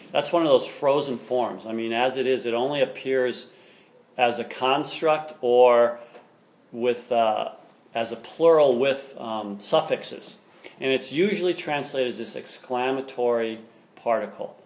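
A man teaching a class, reading passages aloud and explaining them with open enthusiasm. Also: mid-range voice. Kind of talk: classroom lecture on a text.

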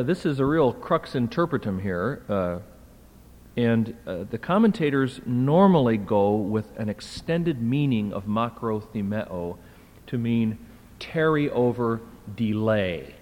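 A man gives a classroom lecture on a Greek text, keeping it conversational and checking in with his students. His voice sits at an ordinary middle pitch for a man. The sound carries a long reverb, as if recorded in a lecture hall. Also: animated, slow, darkish tone. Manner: conversational, keeps asking "right?". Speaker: teacher.

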